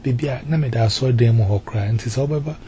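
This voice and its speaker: A man tells his testimony at an easy, rambling pace. He repeats words and slips English into his speech at a mid pitch. Faint ambient noise hums behind him. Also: rapid-fire, mellow. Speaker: testimony giver. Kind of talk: spoken personal testimony.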